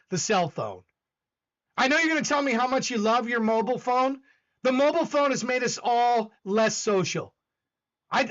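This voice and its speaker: A man's voice: extremely high pitch, a bit bright, dull audio. A man hosting a casual stream, talking intensely and emphatically with frequent restarts. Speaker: host. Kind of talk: casual livestream chat.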